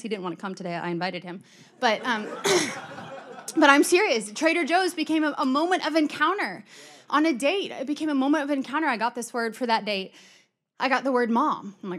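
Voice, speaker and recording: A woman's voice: on the high side, a little fast, a bit bright. A middle-aged woman giving a conversational sermon, chatty and storytelling, acting out quoted exchanges. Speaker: church speaker.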